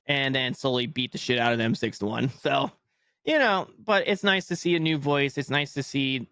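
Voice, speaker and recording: Gravelly, excitable young man chatting hockey. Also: medium pitch, no echo. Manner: excitable, rambling, laughs often. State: yawning, sleepy. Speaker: podcast host. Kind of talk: casual solo sports chat.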